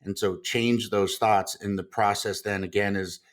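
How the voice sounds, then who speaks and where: A man's voice: fairly low pitch, steady tone, normal speed. A man hosting a podcast interview, telling personal stories in a loose conversational way. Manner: conversational, storytelling with restarts. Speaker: podcast host.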